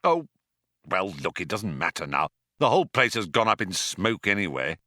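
A man's voice: low voice, very animated, moderate pace, bright, forceful tone, dry recording, studio quality, heavily acted. A man reading an audiobook, voicing a breezy, evasive two-headed rogue.

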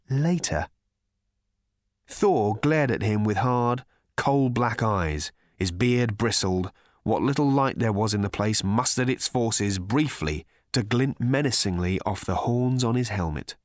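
A man narrating an audiobook with expressive comic timing. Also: medium pitch, no room sound, studio quality. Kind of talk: scripted narration.

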